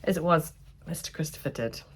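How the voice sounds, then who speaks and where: A woman's voice: sits low, fairly quick, slightly rough. An Australian woman chatting casually as she teaches sewing, rambling between topics. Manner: rambling, chatty, self-aware. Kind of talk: casual chatty tutorial vlog.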